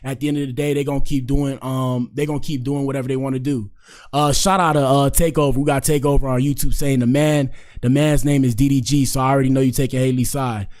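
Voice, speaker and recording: A man's voice: mid-range voice, level tone, fast, a little mellow. A man hosting a commentary show, reacting casually and talking straight to his viewers with slang and repeated catchphrases.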